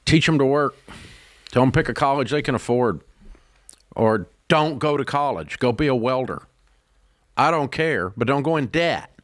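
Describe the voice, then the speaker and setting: A man, hosting a call-in advice show, blunt and emphatic, his pitch climbing as he rants. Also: expressive, moderate pace, long pauses, dry recording, clean studio sound. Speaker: radio show host.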